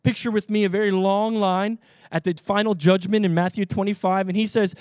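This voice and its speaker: A man's voice: high voice, fairly even intonation, brisk, no echo. Fervent preaching man, dry close sound. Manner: conversational storytelling that builds to loud fervent preaching. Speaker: pastor. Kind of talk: sermon.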